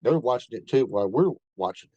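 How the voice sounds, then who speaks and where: A man's voice: medium pitch, expressive, a little fast, dark tone, husky, no room sound, dull audio. A man telling a rambling first-hand story in a casual way, with many fillers and restarts. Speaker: bigfoot researcher telling an encounter.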